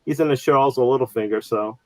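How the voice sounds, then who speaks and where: A man's voice: mid-range voice, fast talker, darkish tone, no echo, rough recording. A man co-hosting a casual podcast, rambling with many fillers and restarts. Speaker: podcast co-host. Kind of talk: casual chat.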